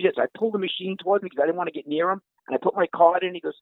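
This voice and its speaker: A man telling an exasperated, animated story in casual chat, swearing and acting out what people said, heard over a phone line. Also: high-pitched, very fast, dry recording.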